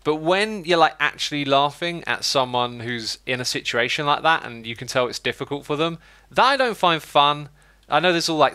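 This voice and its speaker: A man rambling casually to his stream, full of "like" and "you know." His voice is bright and sits mid-range. The sound is dry and close, with no room echo. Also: mid-range voice. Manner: rambling, chatty, lots of fillers. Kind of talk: casual livestream chat.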